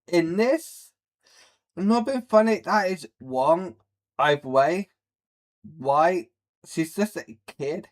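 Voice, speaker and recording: Male streamer, slightly high voice, slow mocking rants. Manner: blunt, rambling, mocking. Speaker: livestream host. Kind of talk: ranting reaction commentary on a live stream.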